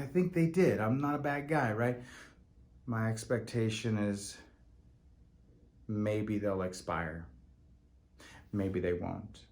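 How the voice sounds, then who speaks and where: A man who works as a real estate agent, telling a story in a casual vlog and acting out both sides of the conversations. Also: lowish voice.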